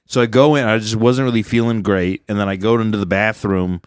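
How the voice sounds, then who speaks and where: A man's voice: on the low side, fairly even intonation, fairly quick, clear, resonant tone, no room sound, studio quality. A man, a stand-up comic hosting a podcast, telling stories in casual chat, swearing freely and laughing often. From Southern California. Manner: profane, storytelling, laughs often.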